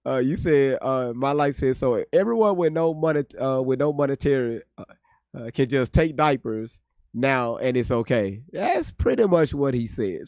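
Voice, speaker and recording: A man's voice: medium pitch, lively intonation, normal speed, a little mellow, dry recording, clean studio sound. A man hosting a reaction video, ranting bluntly with plenty of profanity. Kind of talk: casual commentary.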